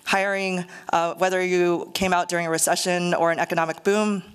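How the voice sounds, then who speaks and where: A woman's voice: lowish voice, little pitch movement, a little fast, smooth. A middle-aged woman giving a public lecture to an audience, earnest and conversational with touches of self-deprecating humor.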